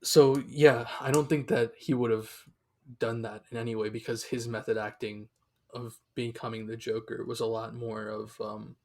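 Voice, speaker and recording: A man's voice: mid-range voice, little pitch movement, normal speed, darkish tone. A young man co-hosting a podcast in casual chat, rambling with lots of fillers and restarts. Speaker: podcast co-host.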